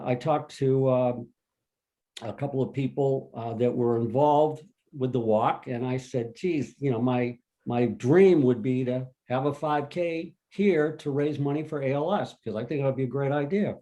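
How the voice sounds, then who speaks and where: A man's voice: medium pitch, warm tone, poor audio. A man on a video call telling an earnest, emotional personal story as a volunteer fundraiser at an online panel.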